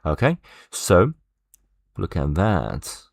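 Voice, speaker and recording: A man walks learners through an online language lesson. He talks slowly and explains step by step, dotting his sentences with fillers and "right?". The sound is dry and close. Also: deep voice, wildly swooping pitch, creaky, no echo. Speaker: Chinese language teacher.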